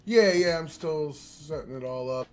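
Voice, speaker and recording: A man's voice: on the high side, a little slow, soft background music. Offhand casual man guesting on a stream. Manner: relaxed and offhand, swears casually. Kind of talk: casual chat. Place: home streaming setup, on a call.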